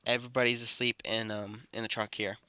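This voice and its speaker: A man doing a soft-spoken earnest young hero. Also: lowish voice, level tone, brisk, smooth, dry recording. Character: young male hero, gentle and protective.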